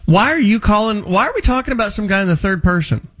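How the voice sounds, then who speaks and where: Middle-aged man, radio host, lively pitch, jokey and blunt with callers. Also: fast. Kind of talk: casual call-in radio banter.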